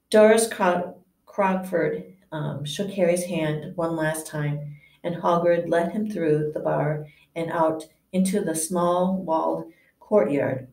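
A woman reading a novel aloud to listeners, unhurried, often stumbling and correcting herself, and acting out a stammering character. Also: low-pitched, gravelly, darkish tone, reverberant, recorded from a distance. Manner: unhurried, stumbling over words and self-correcting; acts out a stammer for the nervous professor.

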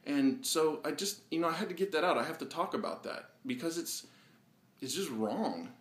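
A man hosting his own video blog, speaking earnestly and reflectively with many pauses and fillers, a little out of breath. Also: fairly high pitch, lively intonation, a bit bright. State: slightly out of breath. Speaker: vlog host. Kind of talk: personal video monologue. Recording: roomy echo.

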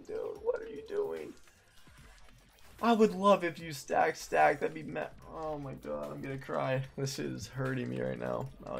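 A young man commentating his own slot stream, pleading with the game, swearing and getting excited. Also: medium pitch, vocal fry. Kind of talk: live gambling stream commentary.

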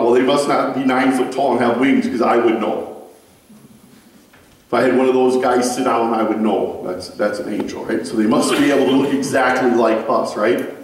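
Male pastor, conversational sermon, animated storyteller, booming church echo, distant mic. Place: church sanctuary. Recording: very echoey room, mic far off.

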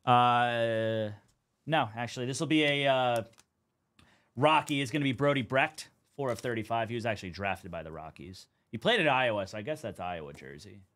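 A man's voice: mid-range voice, animated, normal speed, a bit bright. Chatty young man hosting a card break. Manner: casual, chatty, calls out cards and teams. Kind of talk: live stream commentary.

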